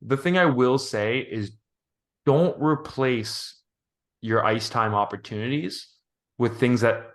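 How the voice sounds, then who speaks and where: A man co-hosting a podcast, thinking out loud in a rambling, thoughtful way with many restarts. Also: mid-range voice, slow. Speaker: podcast co-host. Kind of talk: casual podcast chat.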